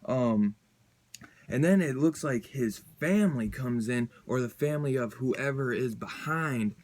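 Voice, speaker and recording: Excited rambling man reviewing comics. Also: mid-range voice, a little slow. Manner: excited, rambling, loose slangy storytelling. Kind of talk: casual review chat.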